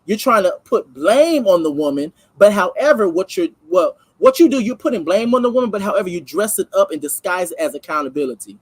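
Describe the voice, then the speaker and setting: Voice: mid-range voice, very animated, fairly quick, few pauses, husky, no echo, low-quality recording. A channel host giving casual, emphatic reaction commentary, full of slang and asides to viewers.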